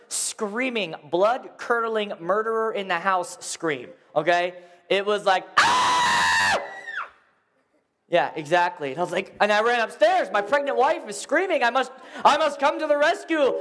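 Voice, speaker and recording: An animated young man gives a lively sermon, his pitch leaping high and low as he tells a story. He acts out screams and funny voices for his listeners. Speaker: preacher.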